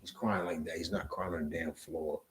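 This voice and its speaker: A man with a New Jersey accent teaching scripture in an emphatic, profane style, swinging between loud outbursts and low asides. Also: fairly even intonation, moderate pace, a little hiss or hum, low-quality recording. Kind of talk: street preaching lesson.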